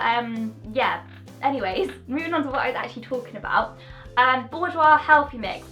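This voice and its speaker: A beauty vlogger, a young woman with a fairly high voice, chats cheerfully through a casual product review. She's bubbly and chatty, often wandering off on tangents, while faint music plays quietly behind her.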